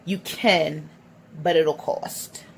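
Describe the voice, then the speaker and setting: A woman's voice: low-pitched, steady tone, very slow, vocal fry, slight background noise. A woman in her thirties speaking in a casual personal vlog, teary and rambling, with many restarts. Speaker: vlogger.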